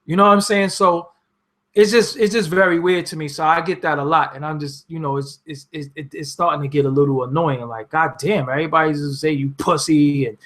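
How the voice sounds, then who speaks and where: A man's voice: on the high side, steady tone, fairly quick. Blunt, cursing New man. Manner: blunt and profane, rising to loud exasperation. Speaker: host answering his audience. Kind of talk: casual direct-to-camera talk.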